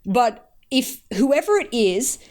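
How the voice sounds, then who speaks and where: A woman with a toned-down Australian accent chats as a guest on a casual podcast. She talks in a frank, animated, chatty way and swears freely. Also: a little high, slow. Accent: softened Australian. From North Queensland, Australia. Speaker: esports analyst guest.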